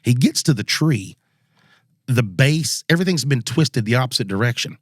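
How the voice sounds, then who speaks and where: A man's voice: mid-range voice, moderate pace, dry recording, clean studio sound. A man telling a spooky hunting story on a podcast, slipping into the voices of the people he quotes. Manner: relaxed Southern storyteller, acts out quotes. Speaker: podcast co-host. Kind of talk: casual storytelling.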